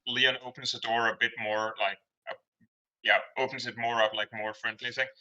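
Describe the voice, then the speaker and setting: A man's voice: mid-range voice, little pitch movement, moderate pace, pushed and bright. A man playing in a tabletop game, chatty and rambling, with lots of fillers. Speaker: player. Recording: dull lo-fi recording.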